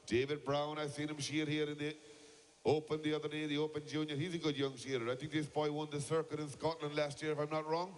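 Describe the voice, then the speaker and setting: A man's voice: a little high, little pitch movement, fast. A man commentating live on a shearing contest and chatting to the audience over a PA in a large hall.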